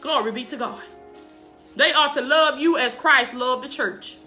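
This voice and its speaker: A woman preaching on a live stream from her kitchen, her voice high and ringing. She speaks with fervor, circling back to the same calls of praise and checking in with her listeners. Soft music plays behind her. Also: a little slow. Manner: fervent, repeats praise calls and "do you understand me"; laughs often while preaching. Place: home kitchen.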